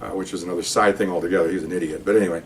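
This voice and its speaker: A man's voice: deep voice, racing, distant mic, slight background noise. An older man, a retired police officer, casually telling a story to camera and acting out the voices of the people in it. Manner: animated, acts out voices in quotes.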